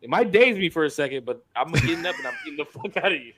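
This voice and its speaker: A man's voice: a little high, racing, husky, no echo. A man co-hosting a podcast in casual chat, telling stories emphatically and swearing often. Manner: animated, profane, emphatic storytelling. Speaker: podcast co-host.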